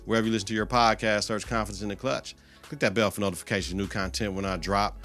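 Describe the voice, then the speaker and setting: A man hosting his own podcast in a loose, profanity-heavy rant. His voice is bright and forceful, and it jumps from loud outbursts to low, muttered asides. Faint music plays underneath. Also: fast talker. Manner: animated, heavy cursing, swings loud and soft. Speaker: podcast host.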